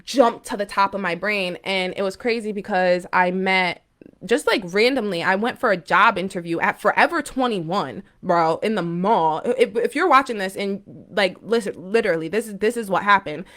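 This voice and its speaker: A woman's voice: mid-range voice, normal speed, fairly bright tone. A young woman hosting a spiritual live stream, telling a personal story to viewers in a rambling, emphatic way with many fillers and restarts. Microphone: phone or webcam, live stream.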